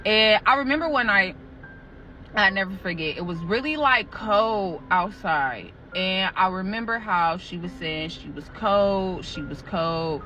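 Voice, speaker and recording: A woman's voice: mid-range voice, expressive, a little slow, bright, forceful tone. A young woman animatedly telling a scary true story about her job, cursing and talking straight to the listeners. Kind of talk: casual spoken storytelling. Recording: muffled audio with music underneath.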